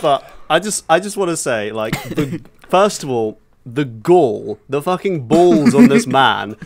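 A man's voice: medium pitch, sing-song, a little slow. A young man co-hosting a podcast in casual chat, laughing through his story as he tells it. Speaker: podcast co-host.

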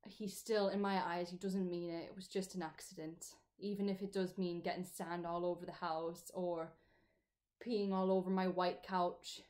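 A woman's voice: medium pitch, a little mellow. A young woman hosting a casual livestream dance class, chatting with viewers and guiding them through stretches with frequent "okay"s.

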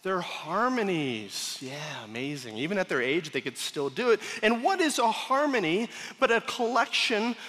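A male pastor preaches in a relaxed, conversational way and keeps breaking off into joking asides to his congregation. His voice sits high and bright. It rings out through a big sanctuary with a long reverb. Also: normal speed, few pauses. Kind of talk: sermon. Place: large church sanctuary. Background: congregation laughing at times.

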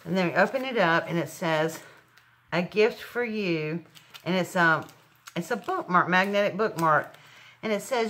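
A middle-aged woman with a drawl talks through a craft gift unboxing in a bright, forceful voice that sits a little low. She gushes and exclaims as she goes, chatty and warm toward her viewers. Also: moderate pace. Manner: gushing, exclaims over each item. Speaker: crafting channel host. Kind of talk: casual unboxing chat.

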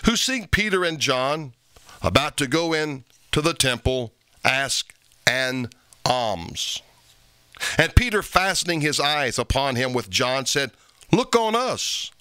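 Forceful, bright-voiced male preacher. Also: mid-range voice, animated, takes it slowly, smooth, no echo. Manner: emphatic preaching with sharp rises on repeated phrases; reads scripture aloud in old-fashioned wording. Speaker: pastor. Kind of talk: sermon.

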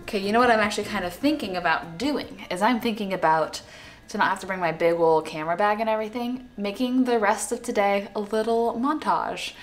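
A woman's voice: mid-range voice, brisk, faint music behind. A young woman, chatting casually to camera in a vlog, upbeat and full of "like"s. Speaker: vlogger.

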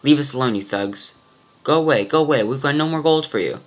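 A man's voice: medium pitch, a little fast, a bit bright, close to an everyday voice. Wary villager, defensive and suspicious, voiced by a man. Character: wary frightened male villager.

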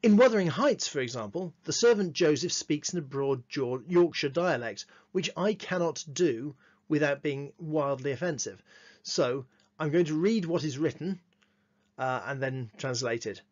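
A man giving a lesson on literature, reading quotations slowly and adding dry, wry asides. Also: fairly high pitch, lively intonation. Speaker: teacher. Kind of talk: lesson with read-aloud quotations. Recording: dull lo-fi recording.

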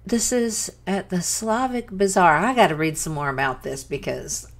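A woman's voice: lowish voice, normal speed. A woman hosting a reaction channel, exclaiming in amazement and stumbling over restarts as she talks into her microphone. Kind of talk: casual reaction commentary. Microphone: desk microphone.

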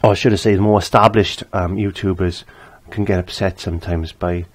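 This is an older man leading a relaxed painting tutorial. His voice sits low with a husky edge. He chats freely and circles back over his own phrases as he explains each step. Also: moderate pace. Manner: chatty, repeats his phrases. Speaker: painting teacher.

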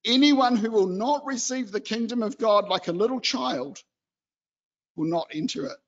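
Man, lay preacher, very high voice, chatty, animated, church hall, muffled lo-fi sound. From New Zealand. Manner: chatty and animated, acts out excited children. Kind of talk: church exhortation.

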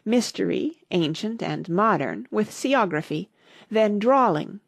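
A woman's voice: medium pitch, animated, measured pace, vocal fry, no echo, clean studio sound. A woman voicing a self-pitying, sighing male sea creature in a storybook reading, with a mournful delivery.

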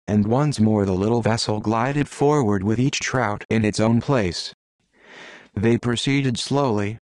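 A man narrating a storybook in a steady, measured reading. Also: lowish voice, dry recording. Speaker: audiobook narrator.

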